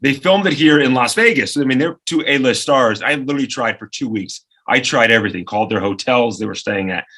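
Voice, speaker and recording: Radio co-host in his forties, animated storyteller; bright, slightly husky voice. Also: mid-range voice, fast, few pauses. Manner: animated storyteller who acts out quoted voices. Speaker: radio co-host and producer, podcast guest. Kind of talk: lively anecdote-telling in conversation.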